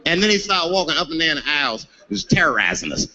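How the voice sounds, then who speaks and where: A man telling a profane stand-up comedy story with animated delivery, on dull lo-fi audio. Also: a little high, quick pace. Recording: dull lo-fi audio with faint noise.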